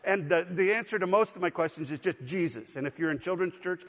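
A man's voice: high voice, fast, fairly bright tone. A man preaching a sermon in a church, getting over a cold, leading his congregation in call-and-response. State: recovering from a cold. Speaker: pastor. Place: church sanctuary. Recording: long hall reverb.

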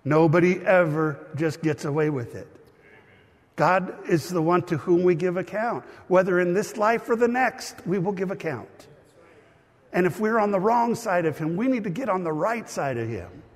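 Pastor o chropawym, dość wysokim męskim głosie wygłasza kazanie, opowiadając żywo i swobodnie, jak w rozmowie. Jego głos niesie się z długim pogłosem dużej sali. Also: male voice, high-pitched, moderate pace. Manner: animated, conversational storytelling. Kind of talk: sermon. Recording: long reverb of a hall.

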